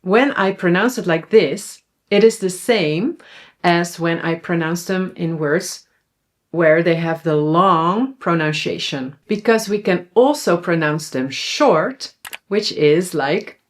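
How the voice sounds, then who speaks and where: A young Dutch woman with a Dutch accent teaching pronunciation, modeling sounds slowly and asking the viewer to repeat after her. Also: fairly low pitch, lively intonation. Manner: slow, clear pronunciation drills, asks viewer to repeat. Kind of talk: online language lesson.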